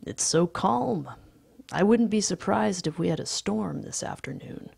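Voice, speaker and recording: A calm father, unhurried and measured, as a woman reads him. His voice comes out gravelly and husky, low and slow. It sounds like a quiet storybook reading. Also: full character voice. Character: calm grown father at family table.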